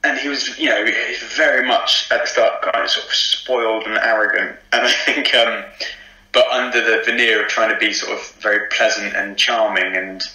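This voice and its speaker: A man's voice: lowish voice, fairly even intonation, moderate pace, pushed and bright, reverberant, poor audio. A man with a posh English accent, chatting about his acting work in an interview, with many ums and frequent laughs. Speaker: actor interviewed as guest. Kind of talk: casual interview chat.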